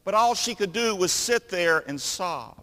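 Male preacher, high sharp voice, unhurried dramatic sermon storytelling. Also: animated, in a large hall. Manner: slow, dramatic pauses between phrases.

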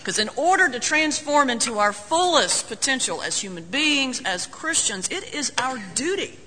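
A man's voice: very high voice, very animated, moderate pace, bright, forceful tone, slight background noise. A man preaching a sermon as a folksy, joking storyteller. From North Carolina, US. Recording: long hall reverb.

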